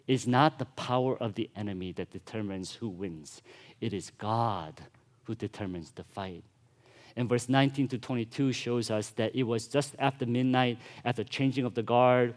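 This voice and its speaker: A male pastor preaching a sermon, retelling a story with casual asides and acted-out voices. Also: mid-range voice.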